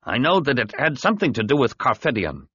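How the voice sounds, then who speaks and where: A man's voice: mid-range voice, sing-song, a little fast, bright, forceful tone, husky, no echo, highs cut off, voice pushed up, heavily acted. A man voicing a horned male alien who speaks plainly and directly, in an audiobook. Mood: earnest.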